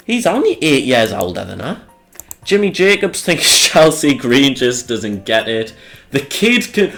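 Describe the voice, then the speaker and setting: Sarcastic guy with a lively voice. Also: mid-range voice, unhurried, creaky, soft background music. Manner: sarcastic, rambling, swears freely. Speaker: channel host. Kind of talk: casual commentary over a wrestling sim game.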